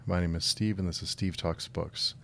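A man with a low voice reads a short story aloud on his book channel after a relaxed, friendly introduction. He speaks plainly, with a few fillers and restarts in his own chat. A faint low rumble sits behind him. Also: moderate pace, vocal fry. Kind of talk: casual intro then story narration.

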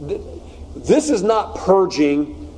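A man with a high-pitched voice preaches slowly on a rough recording. His conversational sermon is casual, animated and joking, and he acts out the story's lines as he teaches.

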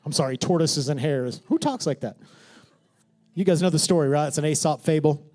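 Energetic pastor preaching with humor. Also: male voice, a little high, brisk. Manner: humorous, swings from hushed whispers to shouts. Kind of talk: sermon.

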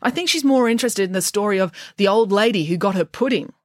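A woman voicing a clever, insistent schoolgirl detective in a storybook reading, earnest and high. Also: lively intonation, fast, no echo, clean studio sound, lightly acted. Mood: dry. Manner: earnest and pleading.

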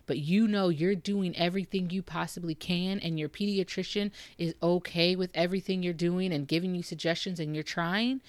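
A woman's voice: sits low, no room sound. A young woman giving casual, encouraging parenting advice straight to other moms, direct and reassuring. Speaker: parenting vlogger. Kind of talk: casual advice talk to camera.

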